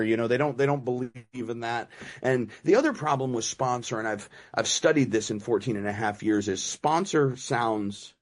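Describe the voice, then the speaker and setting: A middle-aged man speaking at a recovery meeting, telling his story in a loose, wry, conversational way with many fillers and restarts. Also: medium pitch. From United States. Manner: wry self-mocking humor. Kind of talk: personal recovery share.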